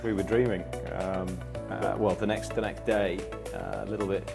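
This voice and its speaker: Low-voiced man reminiscing over music. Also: normal speed, vocal fry. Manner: relaxed storytelling with many fillers and restarts. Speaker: company co-founder. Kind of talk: anniversary reminiscing. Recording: music playing under the voice.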